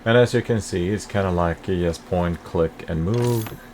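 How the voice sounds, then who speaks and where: A man hosting a casual first look at a game, talking in a relaxed, rambling way with many fillers. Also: deep voice, normal speed, a little hiss or hum. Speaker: game channel host.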